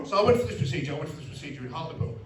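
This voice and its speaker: Racing along in a very animated, slightly high voice, a middle-aged man does a blunt, self-mocking stand-up set on a comedy club stage, throwing asides to the live audience. The recording has slight background noise and a distant, roomy club sound with crowd laughter.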